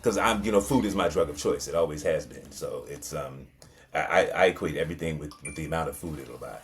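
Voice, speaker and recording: A man's voice: extremely low pitch, quick pace. A man co-hosting a podcast, chatting in a laid-back, humorous and reassuring way. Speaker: podcast co-host. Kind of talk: casual chat.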